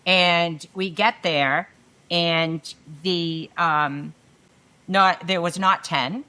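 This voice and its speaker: Bright, animated woman telling a story. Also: on the low side, very slow, clear, resonant tone. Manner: animated storyteller who acts out quoted dialogue. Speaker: guest. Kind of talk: panel conversation, storytelling.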